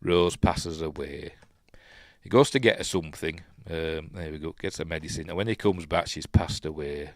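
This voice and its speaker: A man's voice: very deep voice, moderate pace, no room sound, clean studio sound. A man with a Yorkshire accent hosting a casual film breakdown, rambling and emotional, full of ums and uhs. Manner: emotional, chatty. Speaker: film review host.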